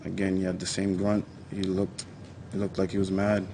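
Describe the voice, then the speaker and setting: A man's voice: low voice, monotone, normal speed, dark tone, slight background noise, rough recording. A man testifying as a witness in court, answering questions in casual street speech with some hesitation. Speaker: trial witness.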